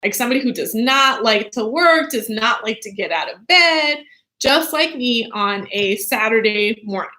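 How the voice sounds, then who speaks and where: Chatty woman teacher, lively pitch, reading aloud to kids. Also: normal speed. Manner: animated, chatty, asks the listeners questions. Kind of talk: reading a book aloud for children.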